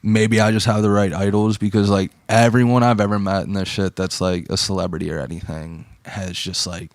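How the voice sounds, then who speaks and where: A man's voice: low voice, steady tone, fairly quick, no echo. A young man from Pittsburgh telling stories in a casual chat as a podcast guest, laid-back and slangy, full of "like" and "dude".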